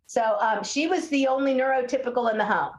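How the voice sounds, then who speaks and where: A woman with a fairly high voice tells stories in a relaxed interview, slipping into the voices of children and parents she quotes. The room around her is echoey. She talks as a speech-language pathologist explaining things to a host. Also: a little fast. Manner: animated storyteller, acts out quotes of kids and parents. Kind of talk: casual interview conversation.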